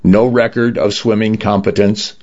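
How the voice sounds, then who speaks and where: A man voicing an officious, alarmist robotic pool lifeguard that keeps shouting warnings in a storybook reading. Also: on the low side, little pitch movement, normal speed, pitched above the performer's own voice. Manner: insistent, repeats warnings, shouting. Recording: dull lo-fi recording.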